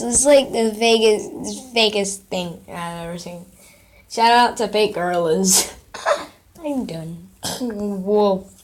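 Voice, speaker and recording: A woman's voice: mid-range voice, slow pace. A woman vlogger in casual chat, playing sound effects from an app and reacting with giggly, playful commentary.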